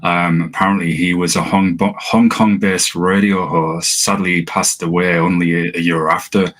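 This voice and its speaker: A man's voice: deep voice, level tone, normal speed, a bit bright. A man co-hosting a casual film-review chat, easygoing and sharing trivia. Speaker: podcast co-host.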